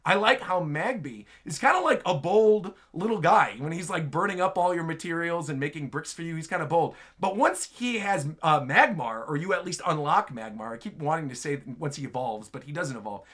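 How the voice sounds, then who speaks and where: A man hosts a casual gaming show and answers viewer questions with easy enthusiasm. His voice sits a bit higher than most men's, and his delivery is loose and chatty, peppered with "like" and "right?". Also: lively intonation, fairly quick, few pauses, fairly bright tone.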